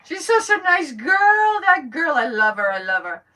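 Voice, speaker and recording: A woman voicing an effusive young housekeeper with an accent, who talks loudly and gushes in a high voice. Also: big pitch swings, a little slow, far from the mic, full character voice. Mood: gushing. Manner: gushing, loud, high-pitched.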